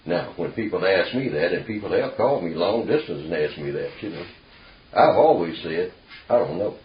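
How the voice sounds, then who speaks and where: A man's voice: sits low, expressive, moderate pace. A man leading an informal group discussion, emphatic and folksy, often dropping in "see" and "you know". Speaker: discussion leader. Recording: echoey room, dull lo-fi sound.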